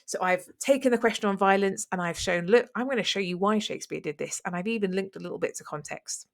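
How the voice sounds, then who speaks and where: A woman's voice: medium pitch, fast talker, gravelly. A woman teaching an exam revision lesson, explaining step by step in an encouraging way. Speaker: English teacher.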